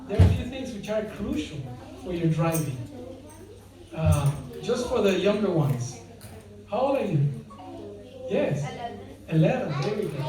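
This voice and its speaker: A devotional speaker giving an informal spiritual talk, joking and quizzing the audience with frequent laughter. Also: medium pitch. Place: large hall with audience. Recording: very echoey hall, mic far off, audience.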